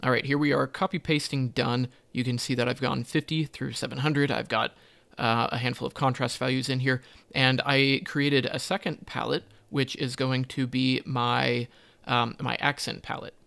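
A man's voice: medium pitch, little pitch movement, normal speed, creaky, fairly bright tone. A man teaching a coding tutorial, thinking aloud as he types, with frequent ums and self-corrections. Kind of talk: screen-recorded coding walkthrough.

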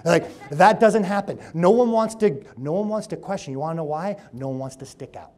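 Animated man lecturing a seminar crowd. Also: on the high side, a little fast. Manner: animated storytelling, acting out quoted people, swinging between loud and hushed. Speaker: chiropractor speaking at a seminar. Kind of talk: energetic seminar talk to a live audience. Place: room with an audience.

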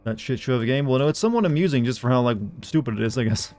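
A man's voice: mid-range voice, expressive, racing, a little mellow, soft background music. Rambling, chatty male game streamer. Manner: rambling, chatty, reads in-game notes aloud. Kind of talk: casual game-stream chat.

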